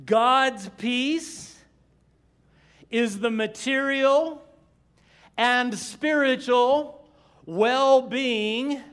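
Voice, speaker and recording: Male pastor, unhurried, emphatic sermon delivery with congregational asides; light, high voice. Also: fairly bright tone, clear, resonant tone. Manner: slow, emphatic preaching with audience call-and-response.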